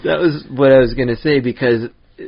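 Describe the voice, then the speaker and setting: A man's voice: mid-range voice, fairly quick, creaky, slightly rough, dull audio. A man co-hosting a podcast, chatting casually with lots of restarts and laughter. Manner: rambling, laughs often, many restarts. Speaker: podcast co-host. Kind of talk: casual chat.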